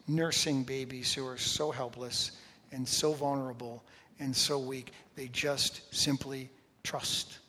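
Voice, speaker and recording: A man's voice: mid-range voice, bright, forceful tone, a little hiss or hum. A man preaching a sermon as a pastor, conversational at first and building to emphatic intensity. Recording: long hall reverb.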